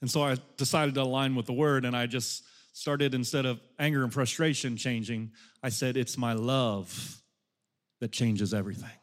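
A middle-aged man preaching a sermon as a pastor, moving from loud, impassioned exhortation to soft, hushed storytelling. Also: mid-range voice, fairly even intonation, normal speed.

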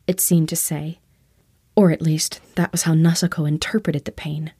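A woman narrating a fantasy audiobook in a steady, even storytelling voice. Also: low voice, normal speed, slightly rough, no echo, clean studio sound.

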